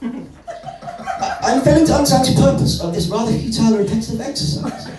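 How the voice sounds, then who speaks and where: A man's voice: very high voice, animated, fairly quick, music in the background, voice pushed up. A man doing a pompous philosopher dog. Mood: condescending. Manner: lofty, long-winded lecturing. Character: pompous intellectual male German Shepherd dog. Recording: echoey club, far from mic, crowd.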